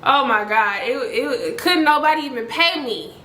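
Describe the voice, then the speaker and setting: A woman in her twenties telling a story to camera in a casual, slangy, animated way, talking to viewers as y'all. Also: high voice, normal speed, roomy sound, slight background noise. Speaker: storytime vlogger.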